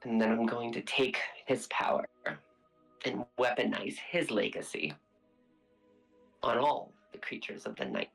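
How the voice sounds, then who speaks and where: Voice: mid-range voice, sing-song, unhurried, creaky, pauses often, slightly rough, faint music behind, heavily acted, poor audio. A player voicing a brooding vengeful vampire woman. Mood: grim, vengeful. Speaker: player character.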